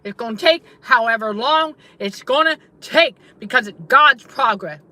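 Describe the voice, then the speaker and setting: On a casual livestream, a middle-aged faith-based trauma coach and channel host testifies to her audience and repeats herself for emphasis. Her voice is on the high side, bright and forceful with lively intonation, at a moderate pace in a dry recording.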